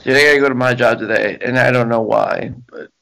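A man's voice: medium pitch, fairly even intonation, fairly quick, vocal fry, bright, forceful tone, rough recording. A young man co-hosting a podcast in casual chat, dry, self-mocking and sarcastic. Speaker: podcast co-host.

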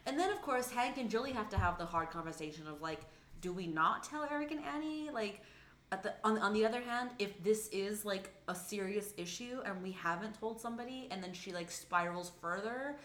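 A young adult woman co-hosting a casual podcast, recapping a show in an animated, profane way and acting out the characters' lines. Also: medium pitch, fairly quick, slight background noise. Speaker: podcast co-host recapping a TV episode. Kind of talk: casual chat. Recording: echoey room.

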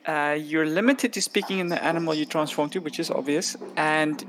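A woman's voice: deep voice, a little fast, noisy background. A woman playing a tabletop game, talking in a casual, chatty way. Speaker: player.

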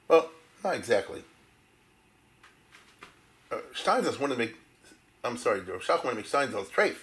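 Older man, Torah lecture, lively swooping pitch, rhetorical asides. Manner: animated, rhetorical questions, yeshivish terms. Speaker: Torah teacher. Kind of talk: lecture on Jewish history.

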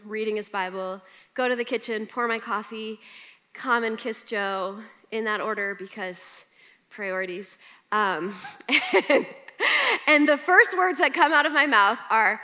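A woman's voice: fairly high pitch, sharp tone. A young woman preaching a sermon, telling personal stories in a conversational, humorous way. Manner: conversational storytelling with humor and laughter.

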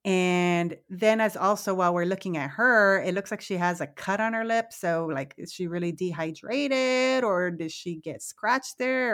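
Woman, podcast co-host, casual movie recap, animated, swears a lot, laughs easily, mid-pitched voice.

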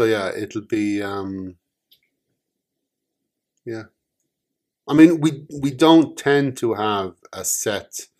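A man co-hosting a casual chat podcast, teasing dryly in a deadpan way. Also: on the low side. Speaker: podcast co-host.

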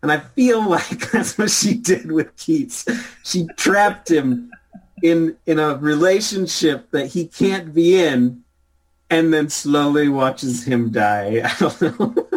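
Man, slightly high voice, slow pace, hesitant, halting, laughs often, casual chat. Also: poor audio.

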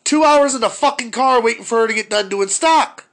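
A man's voice: extremely high pitch, fairly quick, a bit bright. A man telling a profane, exasperated story about his day in casual chat.

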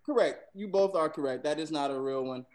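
Giggly man with a high voice. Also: brisk, darkish tone, poor audio. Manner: giggly, playful. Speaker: quiz giver reading out slang words. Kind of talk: casual chat.

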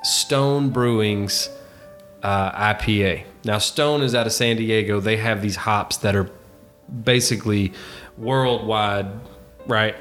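A middle-aged man co-hosting a podcast, telling stories in a casual, animated way and swearing freely. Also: on the low side, slow, faint music behind. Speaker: podcast co-host. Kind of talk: casual chat.

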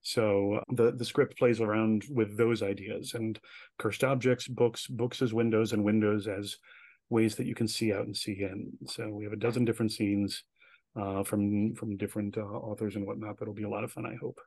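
A man guest telling stories in a casual interview, chatty and animated, with many filler words. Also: on the low side, normal speed, no room sound. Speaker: guest, director and writer.

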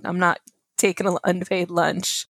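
A woman's voice: on the low side, monotone, a little slow, no echo. A woman co-hosting a podcast in casual chat, joking and teasing in a playful way. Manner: playful, joking, self-mocking. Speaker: podcast co-host.

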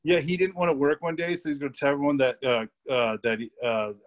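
A man's voice: on the high side, quick pace. A young man guesting on a podcast, telling work stories in a rambling, laughing way with lots of fillers and swearing. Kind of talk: casual storytelling chat.

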